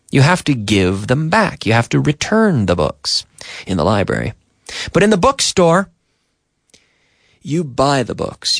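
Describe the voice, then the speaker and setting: A man teaching an English lesson on the radio, drilling phrases slowly and repeating them, with short glosses added in between. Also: mid-range voice, gravelly, dry recording, studio quality. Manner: slow, repetitive drilling with Spanish glosses. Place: radio studio.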